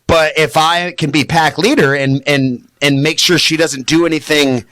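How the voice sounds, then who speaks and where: Guy dog trainer on a podcast, kinda high voice, animated, dry studio sound. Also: dry recording. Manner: animated, acts out high excited voices when quoting owners. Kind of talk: podcast interview.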